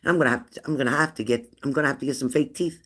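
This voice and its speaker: Bright-voiced chatty woman in her fifties. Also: a bass voice, racing. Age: 50s. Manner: chatty and affectionate, laughs often, answers comments aloud. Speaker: livestream host of a spirit-messages channel. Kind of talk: casual live-stream chat reading viewer comments.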